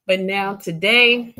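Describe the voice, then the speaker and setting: A woman with a Southern US accent hosting a casual livestream. She tells stories with big swings between loud outbursts and hushed asides. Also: mid-range voice. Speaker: livestream host.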